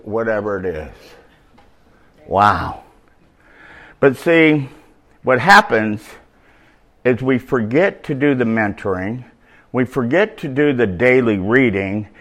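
Male preacher, slow and dramatic, voice jumps all over the place, gets loud and shouty then drops way down. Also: mid-range voice. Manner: animated, shouting at peaks, conversational asides. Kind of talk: sermon.

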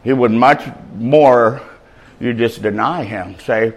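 A man giving an informal sermon as a faith-based mentor, mixing street slang with scripture read out slowly and loudly. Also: medium pitch, vocal fry, low-quality recording. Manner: animated, conversational preaching with street slang.

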